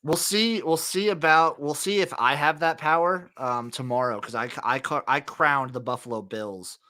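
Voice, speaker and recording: A man's voice: fairly high pitch, normal speed, sharp tone. A young man hosting a podcast, talking football in a blunt, profane, exasperated way. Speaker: podcast host. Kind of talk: casual sports chat.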